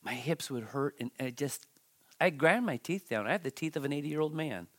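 A pastor delivers a Bible-teaching sermon in a slightly high, animated voice. His delivery is dramatic and halting, full of repeated words and restarts, swinging from loud outbursts to hushed near-whispers.

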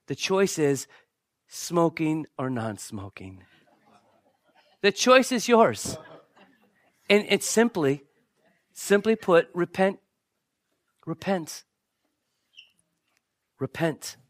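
A male pastor preaching a sermon with jokey asides to the congregation, swinging from loud bursts to hushed, near-whispered lines. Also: on the high side, sing-song, slow pace, long pauses, dry recording.

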